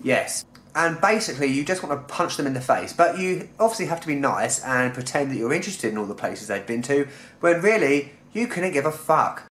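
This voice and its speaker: A man's voice: medium pitch, animated, brisk, fairly bright tone. A young man from London ranting in a sarcastic, exasperated and sweary way in a comic travel vlog. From London, England. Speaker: travel vlogger. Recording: echoey room.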